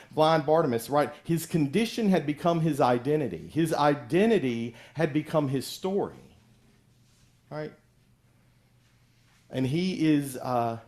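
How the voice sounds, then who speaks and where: A man's voice: mid-range voice, a little mellow. A middle-aged male pastor giving a conversational sermon, acting out the voices of people in the story he tells.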